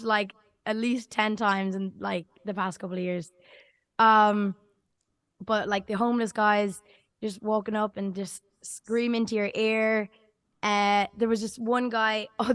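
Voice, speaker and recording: A woman's voice: mid-range voice, a bit bright, dry recording. A young woman with an Irish accent, a singer talking casually in an interview, chatty and full of "like". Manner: chatty, fills with "like" a lot. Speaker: singer-songwriter guest.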